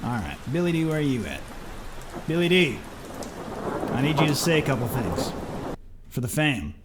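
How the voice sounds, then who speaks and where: A man's voice: medium pitch, very animated, moderate pace. A man hosting a gaming stream, joking with friends and getting the show ready to start. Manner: playful, joking banter. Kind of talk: casual gaming stream chat. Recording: heavy rain noise behind.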